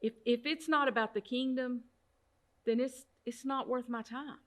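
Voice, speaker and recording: A woman's voice: fairly high pitch, fairly even intonation. A woman leading an online Bible study, talking in an earnest, heartfelt way, repeating phrases for emphasis and now and then stumbling and restarting her words. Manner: sometimes halting, restarts words.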